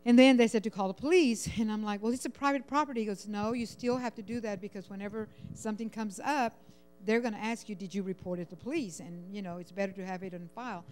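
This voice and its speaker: A woman sharing a personal prayer request at church, rambling and halting with many fillers, sounding overwhelmed and close to tears. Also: medium pitch, a little mellow. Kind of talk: emotional personal testimony.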